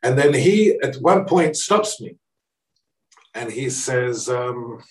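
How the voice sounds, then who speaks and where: A middle-aged man tells a personal story with animated energy. He acts out the people he quotes, and his voice leaps in pitch when he does. He sounds set back from the mic in an echoey room. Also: slow pace, recorded from a distance. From Australia. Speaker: speaker. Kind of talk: anecdotal storytelling.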